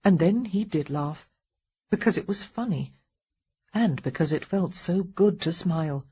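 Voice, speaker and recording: A woman narrating a historical romance audiobook in a calm, even storytelling manner. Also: lowish voice, a little slow, husky, muffled recording. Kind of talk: scripted narration.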